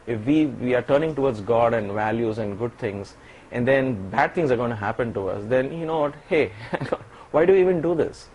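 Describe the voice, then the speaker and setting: A man being interviewed as a guest, telling a personal story in an animated way and often laughing. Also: medium pitch, moderate pace, a little hiss or hum, low-quality recording.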